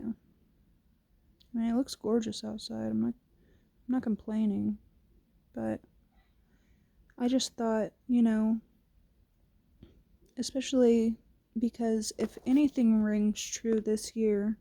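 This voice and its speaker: A woman's voice: fairly high pitch, creaky, dark tone, no echo. A woman vlogging casually to camera, reflective and candid, with a fresh-from-sleep morning voice. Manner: slow, reflective, casual with swearing.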